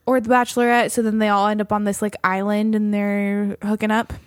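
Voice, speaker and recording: A woman's voice: mid-range voice, little pitch movement, fairly quick, no echo, studio quality. Giggly woman chatting on a podcast. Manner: giggly storyteller, reads aloud and mimics friends. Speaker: podcast co-host. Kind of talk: casual chat.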